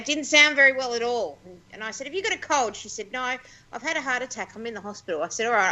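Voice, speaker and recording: A woman's voice: medium pitch, bright, forceful tone, poor audio. A woman with an Australian accent, co-hosting a radio show and telling a story in a chatty, wry way. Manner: chatty, wry, self-deprecating. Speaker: radio co-host.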